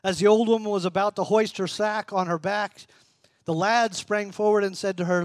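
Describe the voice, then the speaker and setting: A pastor reading a story aloud and preaching a sermon, measured and earnest, slowing and softening for emphasis. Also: male voice, high-pitched, steady tone, no echo.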